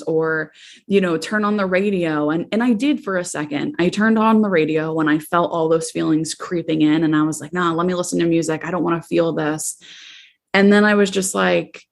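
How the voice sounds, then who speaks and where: A woman in her thirties hosts a podcast in a low voice with a gravelly edge. She talks candidly and reflectively, halting often with fillers as she gathers her thoughts. Her tone is personal and unscripted. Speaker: podcast host and therapist.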